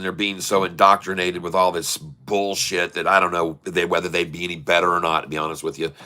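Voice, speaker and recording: Folksy stream guy, low-ish voice but bright and punchy, rambles and chuckles a lot. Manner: rambling, folksy, laughs at his own jokes. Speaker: live day-trading streamer. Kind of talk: casual live-stream chat.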